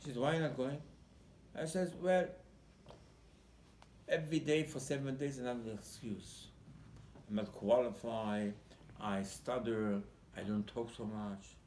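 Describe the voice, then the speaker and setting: A rabbi speaks slowly with long pauses in a mid-range, slightly mellow voice, with a little hiss or hum. In his Torah sermon he tells the story animatedly, voices the dialogue and repeats words while searching for phrasing. The sound is roomy and echoey, with faint ambience.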